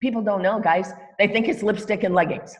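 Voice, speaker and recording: A woman's voice: medium pitch, a little fast. A woman co-leading a team training call, chatty and laughing easily as she speaks straight to the group. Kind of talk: casual training talk on a call.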